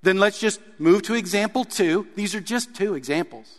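Animated preaching man in reverberant hall. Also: high voice, normal speed. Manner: animated preaching, reading scripture aloud. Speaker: pastor. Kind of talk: sermon.

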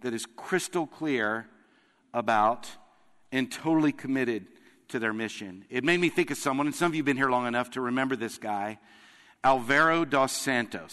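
Man, pastor, sermon, earnest, emphatic pauses, long hall reverb. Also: mid-range voice, bright, forceful tone. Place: church sanctuary.

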